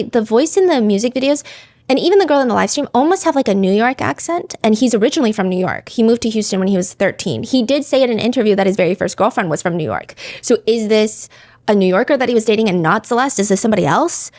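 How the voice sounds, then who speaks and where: A woman's voice: on the high side, animated, quick pace, a little mellow. A woman hosting true crime commentary in a casual, chatty way, full of "like" fillers. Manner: chatty, frequent "like" fillers, reads lyrics aloud.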